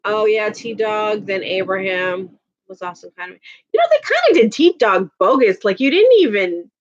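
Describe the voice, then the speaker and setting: A woman's voice: medium pitch, big pitch swings, normal speed. Chatty woman streaming, dull lo-fi sound. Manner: chatty, laughing, reacting to viewer comments. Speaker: live streamer. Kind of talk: casual live-stream chat.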